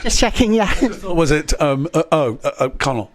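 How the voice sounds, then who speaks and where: A woman's voice: low-pitched, expressive, fairly quick, crowd noise. A woman hosting an interview show, chatting casually and playfully with her guests. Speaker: host and interviewer.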